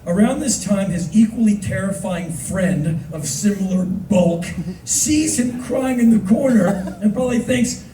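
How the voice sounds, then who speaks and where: A man in his fifties telling stories on stage, animated and acting out voices with sudden shouts. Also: high-pitched, unhurried, noisy background. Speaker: spoken word performer. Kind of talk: live spoken word storytelling. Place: concert hall stage. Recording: echoey hall recorded from far off.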